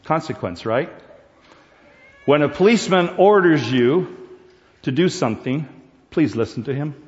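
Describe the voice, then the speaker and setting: A man's voice: on the high side, animated, a little slow. A man preaching a sermon, talking to the congregation in a conversational way and asking them questions. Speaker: pastor. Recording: dull recording with long hall reverb.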